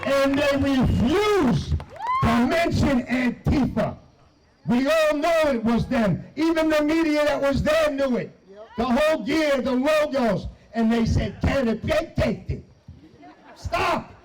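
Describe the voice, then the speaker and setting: Shouting high-voiced New man. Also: lively intonation, takes it slowly, poor audio. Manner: shouting, emphatic, profane. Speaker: protest speaker. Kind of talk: rally speech. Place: outdoor protest crowd.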